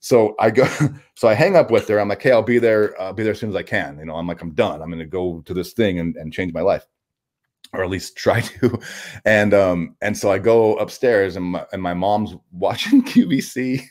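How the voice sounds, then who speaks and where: Deep-voiced man telling a candid story. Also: a little mellow. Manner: halting, with frequent restarts and casual swearing. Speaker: interview guest.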